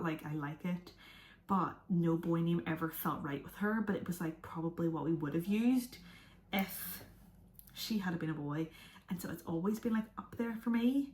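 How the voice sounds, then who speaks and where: A young woman from outside the USA vlogs to camera in an echoey room, chatting and rambling casually and occasionally dropping to a whisper. Her voice is fairly low with a darkish tone.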